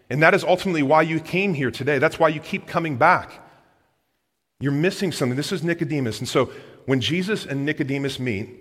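A pastor preaching a sermon, repeating phrases for emphasis and speaking straight to the congregation in a church hall. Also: male voice, medium pitch, fairly bright tone.

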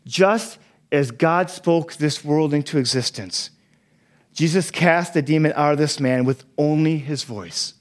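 A man with a fairly high voice delivers a sermon, walking listeners through a Bible passage step by step. He often checks in with a quick "right?" and acts out the quoted lines with energy. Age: young adult to middle-aged, a parent. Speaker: pastor.

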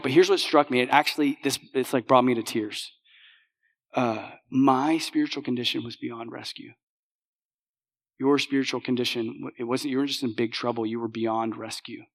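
A pastor preaching a sermon in a conversational way, often checking in with his audience. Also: medium pitch. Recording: long hall reverb.

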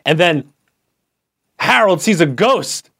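A man co-hosting a casual podcast, telling a rambling, deadpan improvised story while recording from bed under the covers. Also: sits high, takes it slowly, gravelly, no echo, studio quality. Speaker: podcast co-host.

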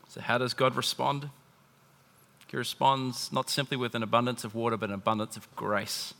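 Male pastor preaching, bright and forceful, animated, recorded in a big reverberant hall. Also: medium pitch, normal speed, gravelly. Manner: animated preaching, swinging from loud emphasis to hushed intimacy. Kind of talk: sermon.

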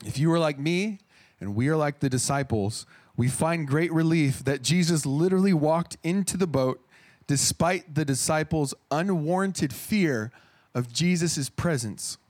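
A man's voice: on the high side, a little slow, darkish tone. Man, 30s, preacher, sermon, earnest, conversational, self-correcting.

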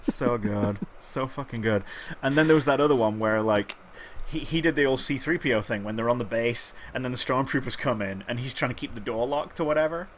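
A man's voice: mid-range voice, brisk, slight background noise. A man co-hosting a casual film podcast, retelling scenes with bursts of laughter. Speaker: podcast co-host.

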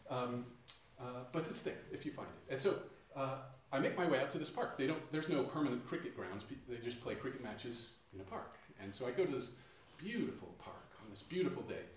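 Male live storyteller, wry and self-deprecating, stumbles and restarts often; boomy room, mic well away from him. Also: animated, slight background noise. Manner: halting, self-mocking, frequent restarts. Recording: echoey room, distant mic.

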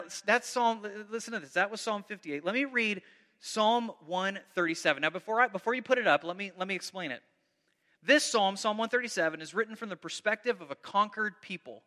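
Guy preaching, high voice, super bright and sharp, lots of hall echo, reads verses all dramatic then chats. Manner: animated preaching, reads scripture aloud dramatically; conversational, self-interrupting. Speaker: pastor. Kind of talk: sermon.

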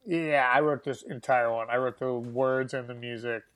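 A man's voice: medium pitch, fairly even intonation, moderate pace, fairly bright tone. A young man telling a story in a casual chat, laughing often and swearing as he acts out what others said. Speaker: guest musician.

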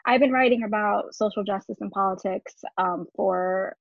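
A woman in casual conversation, speaking earnestly, laughing often and trailing off softly. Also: medium pitch, moderate pace, vocal fry, no room sound. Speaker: writer and guest. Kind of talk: casual chat. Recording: dry, dull lo-fi sound.

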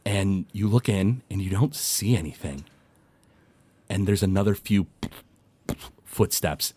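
Male game master, low voice, hushed dramatic narration, dry sound. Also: a little slow, breathy edge, no room sound.

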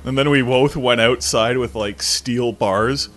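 A young man with a mid-range voice casually tells stories at an unhurried pace, animatedly acting out the voices of the people in them. Soft music plays in the background.

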